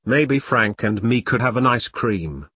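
A man voicing a young female soldier with a dry, sarcastic manner, his pitch raised a little. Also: animated, a little slow, fairly bright tone, husky, no echo. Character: sardonic female soldier, young adult woman.

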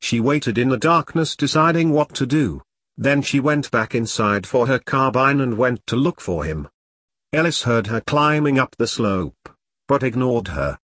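A man's voice: mid-range voice, lively intonation, measured pace, a bit bright. A man narrating an audiobook who reads the punctuation marks aloud.

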